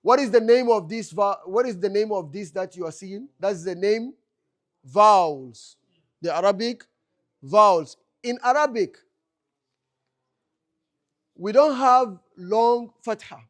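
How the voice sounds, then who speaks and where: A man's voice: high-pitched, animated, measured pace. A man teaching an Arabic class in a mosque classroom, asking the students questions and answering them himself, repeating key phrases. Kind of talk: classroom lecture.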